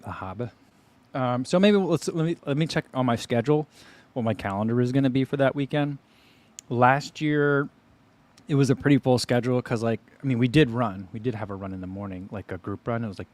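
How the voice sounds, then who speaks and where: A man in his thirties hosting a running livestream, chatting casually and sometimes talking with his mouth full. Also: lowish voice. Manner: relaxed, chatty, talks while chewing. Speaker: running channel host. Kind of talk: casual livestream food tasting.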